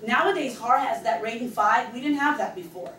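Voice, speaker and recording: A middle-aged woman, a real estate agent, giving a fast and excited training talk to her team at a meeting. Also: fairly high pitch, a little hiss or hum. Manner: fast, excited, loud when passionate. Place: meeting room. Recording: echoey room, speaker far from the camera mic.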